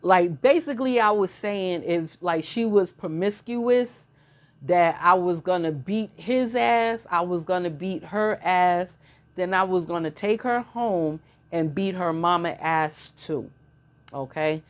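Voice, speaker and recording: A woman's voice: fairly low pitch, a little slow. A middle-aged woman telling stories in a blunt, slangy casual monologue, often laughing. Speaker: channel host.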